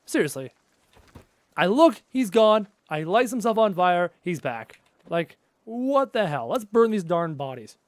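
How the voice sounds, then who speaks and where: A man giving chatty live gameplay commentary, excitable and often yelping at enemies. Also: high-pitched, measured pace, dry recording. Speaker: gaming YouTuber.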